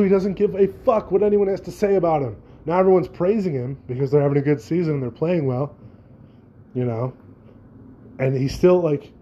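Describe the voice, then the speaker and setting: A man's voice: a little high, dark tone, lo-fi sound, a little hiss or hum. A young man hosting a solo podcast, rambling and joking casually with frequent swearing. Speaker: podcast host.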